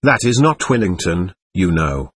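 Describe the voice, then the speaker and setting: A man's voice: low-pitched, very animated, a little slow, slightly rough, pitched below the performer's own voice, heavily acted. A man voicing an authoritative occult physician in an audiobook, speaking in a clipped, commanding, lecturing way. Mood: stern. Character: authoritative male occult physician, brisk and stern. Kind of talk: audiobook character reading.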